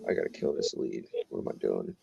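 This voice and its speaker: A man's voice: a little fast, lo-fi sound, background noise. A man making cold calls on a casual livestream, thinking aloud in a laid-back, self-critical way. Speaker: real estate wholesaler making cold calls.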